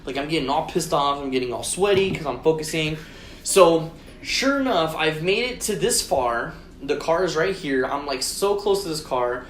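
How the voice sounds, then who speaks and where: A man co-hosting a podcast, telling a story in casual chat, swearing constantly and acting out his own shouted lines. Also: fairly high pitch, lively intonation, moderate pace, a little hiss or hum. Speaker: podcast co-host. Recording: roomy echo.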